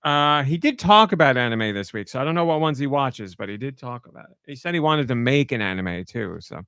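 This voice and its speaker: A man's voice: mid-range voice, animated, brisk, a bit bright, clean tone, dry recording, studio quality. A man hosting a podcast in casual chat, rambling along and laughing easily. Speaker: podcast host.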